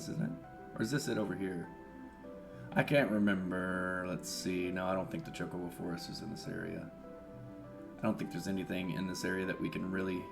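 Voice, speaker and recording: A man giving relaxed, chatty let's-play commentary, thinking aloud as he plays. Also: deep voice, vocal fry. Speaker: streamer. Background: faint game music.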